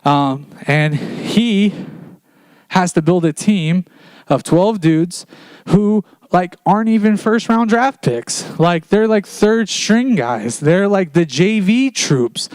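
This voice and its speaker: A man preaching a casual sermon in a church, retelling scripture as a relaxed story in everyday slang. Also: high voice, slow pace, no echo.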